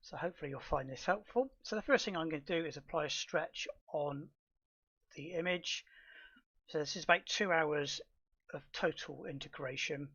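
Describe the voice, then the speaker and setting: A middle-aged man calmly explaining software steps in a tutorial, with fillers and restarts. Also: a little high, normal speed, breathy edge, dull audio. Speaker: astrophotography tutor. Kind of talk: screen-recorded software tutorial.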